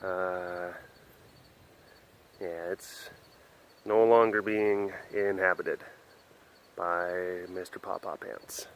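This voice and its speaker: A man's voice: sits low, flat delivery, extremely slow, pauses often, slight background noise. A man hosting a casual walk-around webcast outdoors at an animal facility, rambling with lots of fillers and restarts. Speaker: vlog host.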